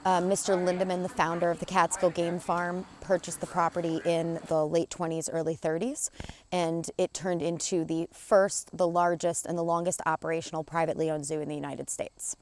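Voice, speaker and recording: A woman's voice: fairly low pitch, level tone, moderate pace, a little mellow, slight background noise. A woman, the site's owner, giving a plain and informative documentary interview with a wry edge. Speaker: new owner of the property.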